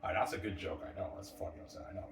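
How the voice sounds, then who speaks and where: A man's voice: low-pitched, racing. A man rambling casually about a book he wrote, often tacking on "obviously" and "man". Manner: rambling, repeats "obviously" and "man", acts out lines from his story. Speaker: author talking about his own book. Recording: echoey room, mic far off, noisy.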